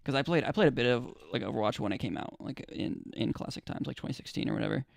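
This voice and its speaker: A man's voice: mid-range voice, animated, fast talker, gravelly, no echo, studio quality. A young American man chatting casually with viewers on his live stream, laid-back and rambling, with lots of fillers and restarts. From United States. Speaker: livestreamer.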